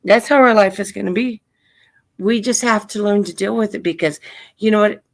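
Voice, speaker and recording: A woman's voice: medium pitch, moderate pace, vocal fry. Earnest woman consoling with tender endearments. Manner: tender, earnest, calls people honey and sweetheart. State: widowed, grieving. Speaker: livestream host. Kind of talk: consoling a grieving caller.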